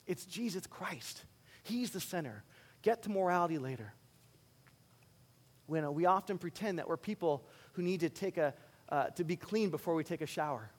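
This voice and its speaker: A male pastor preaching with a light, high-pitched voice. He swings from loud, punchy emphasis down to hushed, earnest asides. His voice carries a long reverb tail from a large church hall. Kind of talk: sermon.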